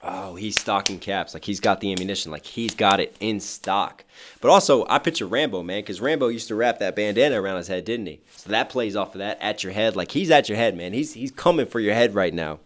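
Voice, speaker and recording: A man with a somewhat low, hoarse voice gives music reaction commentary as a rapper. He talks animatedly, unpacking each lyric's double meanings as he goes. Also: brisk. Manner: animated, unpacking wordplay line by line.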